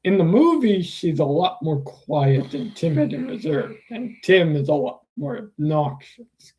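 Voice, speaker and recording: Slow, mellow casual book reader. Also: mid-range voice, big pitch swings, low-quality recording. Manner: chatty, laughs and swears in asides. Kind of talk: casual read-aloud with asides.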